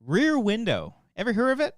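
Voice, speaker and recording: A man's voice: extremely high pitch, normal speed, no echo, studio quality. A man co-hosting a podcast in casual chat, loose and joking, with swearing. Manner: loose, swearing, animated banter. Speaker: podcast co-host.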